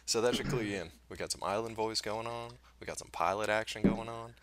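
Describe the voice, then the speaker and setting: A man's voice: lowish voice, fairly quick, a loud crowd. A man co-hosting a podcast, bantering casually and jokily with some profanity. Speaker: podcast co-host. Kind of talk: casual chat.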